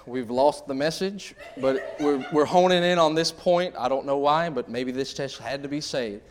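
A man's voice: medium pitch, normal speed, a crowd in the background. A middle-aged man preaching a sermon in a humorous, conversational way, acting out little scenes from married life. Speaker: pastor.

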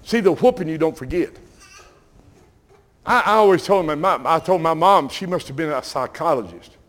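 An older Southern man preaches in a folksy, animated storytelling style. His voice sits a little high for a man, and he keeps calling out to the congregation as he goes. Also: normal speed. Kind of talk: sermon storytelling.

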